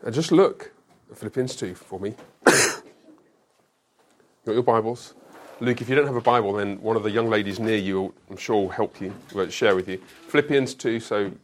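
A male pastor teaches a school Bible class in a classroom with a whiteboard, explaining things emphatically and posing rhetorical questions. His voice is lowish and his speed normal.

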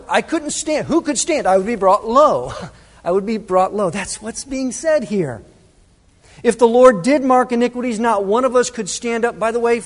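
High-voiced pastor preaching in a reverberant hall. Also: male voice. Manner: dramatic, shifting between loud emphasis and hushed asides. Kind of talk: sermon. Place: church sanctuary.

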